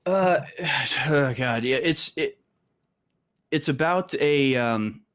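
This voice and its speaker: A man speaking as a guest on a talk show. His voice has a medium pitch, and he talks haltingly, with lots of fillers and restarts. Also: a bit bright. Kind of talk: casual political talk.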